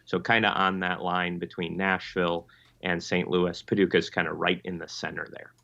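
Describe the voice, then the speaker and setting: A pastor from Michigan with an Upper Midwest accent, answering interview questions in a halting way with many ums and restarts. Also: male voice, deep voice, level tone, creaky, pushed and bright, muffled recording. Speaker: Lutheran pastor, interview guest.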